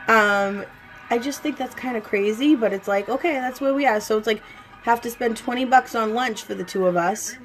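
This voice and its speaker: Young mom vlogging at home, doing makeup, chatty, kinda high voice, lots of "like". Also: female voice, moderate pace, faint music behind, rough recording. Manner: chatty storyteller, says "like" a lot. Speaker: vlogger and mother. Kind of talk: casual chat while doing makeup.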